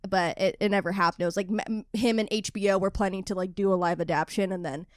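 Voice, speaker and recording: A woman's voice: medium pitch, fast, no echo, studio quality. A young woman co-hosting a podcast, chatting casually and laughing a lot, with a bit of swearing. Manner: laughs often, swearing, animated. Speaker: podcast co-host. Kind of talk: casual chat.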